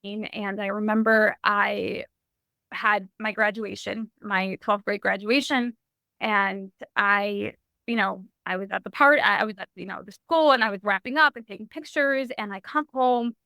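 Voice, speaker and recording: A young adult woman sharing a personal story in a podcast interview, animated and full of "like" and restarts. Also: medium pitch, unhurried, gravelly, clean tone, no echo. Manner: animated, heavy use of "like", frequent restarts. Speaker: podcast guest.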